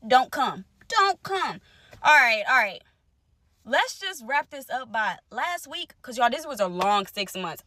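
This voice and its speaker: Young woman, casual storytime, bright and lively, close dry phone sound. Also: no room sound. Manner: animated, conversational, swings between loud exclaims and low asides. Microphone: phone close to the face.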